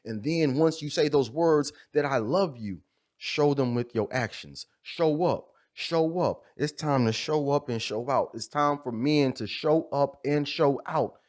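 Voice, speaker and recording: A man's voice: mid-range voice, measured pace, a little mellow. A man giving a fervent, preacher-like motivational talk about fatherhood, building on repeated refrains. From USA. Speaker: video creator speaking on fatherhood. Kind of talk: impassioned motivational monologue.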